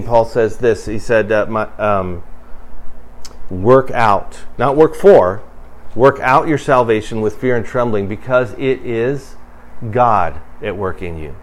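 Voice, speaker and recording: A pastor delivers a sermon in a conversational style, rising into emphatic bursts before sinking to a low, quiet voice.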